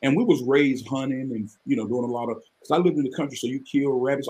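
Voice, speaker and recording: A man, telling his life story as a guest on a live podcast, earnest and animated. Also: medium pitch, fast, few pauses. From Mississippi, US. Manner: earnest, animated storytelling with sudden excited rises.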